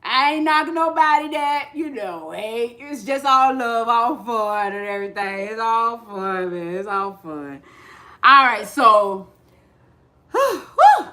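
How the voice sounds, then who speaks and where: A high-pitched woman with a bright, sharp voice talks unhurriedly through a casual spiritual livestream. She speaks in loose slang and repeats herself, laughing often as she answers her chat. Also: very animated, takes it slowly.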